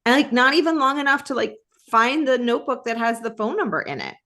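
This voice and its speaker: A woman co-hosts a podcast in casual conversation. She's animated, often restarting her sentences and jumping up in pitch.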